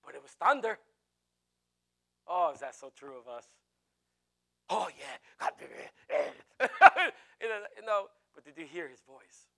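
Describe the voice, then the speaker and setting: Bright high-voiced man preaching emphatically. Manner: emphatic, repeats phrases, chuckles often. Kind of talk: sermon.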